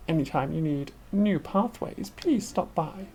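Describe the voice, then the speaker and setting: A woman's voice: low voice, animated, warm tone. A woman putting on a hammy French-accented hiker. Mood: friendly pitch. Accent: put-on French. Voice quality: deliberately bad exaggerated French accent. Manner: slow, drawn-out delivery. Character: female trail-hiking expert game character, chatty.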